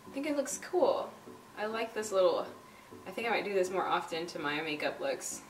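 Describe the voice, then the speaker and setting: A woman's voice: medium pitch, very animated, moderate pace, far from the mic, a little hiss or hum. Chatty young woman doing a makeup tutorial. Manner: chatty, bubbly, lots of "like" and "um". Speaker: beauty vlogger. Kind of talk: casual makeup tutorial talk. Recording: roomy echo, a bit off-mic. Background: faint background music.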